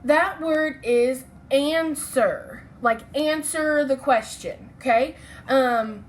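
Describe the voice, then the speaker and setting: A woman's voice: high voice, slow, faint music behind. A woman teacher giving a recorded phonics lesson to children, speaking patiently and sounding out letters and syllables.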